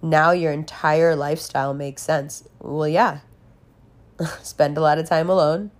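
Young adult woman, low-pitched, casual and blunt storytelling, profanity and laughter. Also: steady tone, a little slow. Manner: candid, swearing, laughing often.

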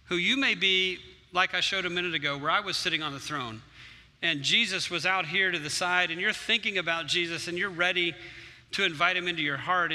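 High, bright-voiced pastor preaching in a reverberant hall. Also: male voice. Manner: earnest, conversational, acts out his own prayers. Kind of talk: sermon.

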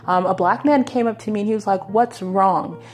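A woman's voice: mid-range voice, fast talker, soft background music. A woman giving a conversational Bible teaching, often checking in with "right?" and "you know".

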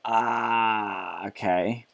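Brief: low-pitched male commentator, sarcastic and mocking, swears freely. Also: fairly even intonation, very slow, gravelly, fairly bright tone. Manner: sarcastic, mocking, swears often, laughs between remarks. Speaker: commentator reacting to an article. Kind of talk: reading aloud and ranting commentary.

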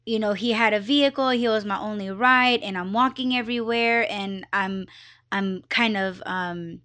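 A young woman hosting her own podcast from her office, telling a story in a chatty, animated way and slipping into quoted voices. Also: medium pitch, normal speed. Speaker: podcast host. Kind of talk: casual storytelling monologue.

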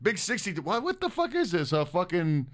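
A man co-hosting a podcast, loud and profane, rambling through fan questions. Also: sits high, wildly swooping pitch, normal speed. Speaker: podcast co-host. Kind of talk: casual chat, reading fan questions.

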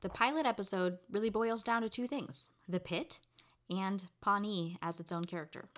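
A woman's voice: medium pitch, moderate pace, a bit bright. Upbeat giggly woman podcast co-host. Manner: upbeat, giggly, leads segments. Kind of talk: casual chat.

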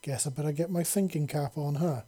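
A man's voice: a little high, a little fast, dark tone, lightly acted. A man doing a cheeky, stammering young guy. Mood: joking. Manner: joking, stammering. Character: cheeky young human man, joking and flustered.

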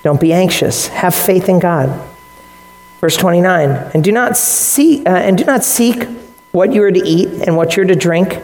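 Man, pastor mid-sermon; animated, quips to the room, voices his examples; echoey hall with a long tail. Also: high-pitched, normal speed. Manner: animated, joking asides, acts out quoted voices. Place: church sanctuary with congregation.

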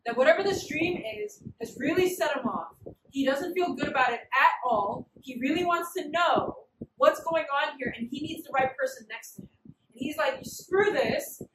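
A woman preaching a casual sermon with slangy, animated storytelling. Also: high-pitched, moderate pace. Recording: roomy, distant, noisy hall.

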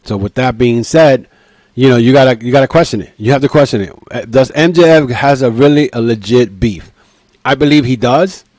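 A man hosting a casual wrestling podcast, talking in an animated way with lots of fillers and acting out quotes. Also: mid-range voice, brisk, no room sound. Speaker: podcast host.

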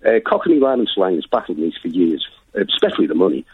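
A man's voice: low voice, huge pitch swings, fast talker, husky. A man with a Liverpool accent calling into a radio show, chatty and self-deprecating. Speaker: caller. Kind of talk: casual phone-in call. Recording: phone line.

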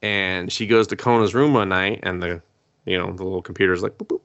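A man's voice: deep voice, a little fast, no room sound, lo-fi sound. A man casually recapping an anime episode on a podcast, swearing freely and acting out the characters' lines. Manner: profane, animated storytelling, acts out characters' lines. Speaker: podcast co-host.

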